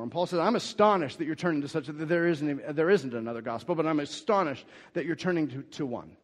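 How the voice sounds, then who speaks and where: A man preaching a sermon as pastor, emphatic and rising in force when he quotes scripture, often restarting and repeating words. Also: fairly high pitch. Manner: emphatic, rises and gets louder when quoting scripture. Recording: long hall reverb.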